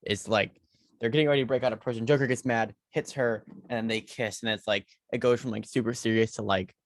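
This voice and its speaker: A man co-hosting a podcast rambles through movie ideas in casual chat, leaning on fillers as he thinks. His voice has a gravelly fry, recorded dry and close. His pitch sits in an ordinary middle range. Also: fairly even intonation, fast, no room sound. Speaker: podcast co-host.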